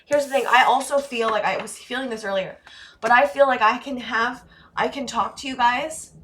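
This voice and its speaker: Emotional woman giving a tarot reading. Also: a little high. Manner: heated and emotional, swearing casually, softening to near-tearful quiet. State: emotional, voice dropping low. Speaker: tarot reader. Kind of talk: pick-a-card tarot reading to camera.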